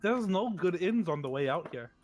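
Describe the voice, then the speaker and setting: A man playing a tabletop game, talking in character and out of it in a chatty, halting way. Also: sits high, expressive, slight background noise. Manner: chatty and hesitant, many fillers. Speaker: player.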